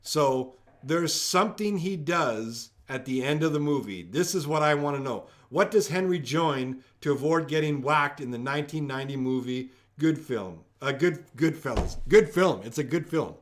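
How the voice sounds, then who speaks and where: Male trivia host, joking and playful, higher-pitched, streaming from home. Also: animated, moderate pace, few pauses. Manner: joking, playful, reads questions aloud twice. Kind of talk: live-streamed trivia hosting.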